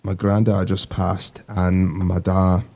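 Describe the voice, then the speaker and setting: A man in his twenties with a Midwestern American accent, a Navy sailor and guitarist talking in a relaxed, rambling way in a casual interview. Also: deep voice, slow. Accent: Midwestern American, put-on. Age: 20s. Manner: relaxed, rambling, laughs easily.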